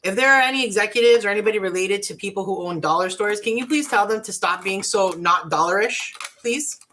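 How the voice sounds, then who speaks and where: A woman's voice: mid-range voice, fairly quick, pushed and bright, slight background noise. A woman giving a casual crafting tutorial, chatty and bubbly with giggly asides. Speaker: craft vlogger.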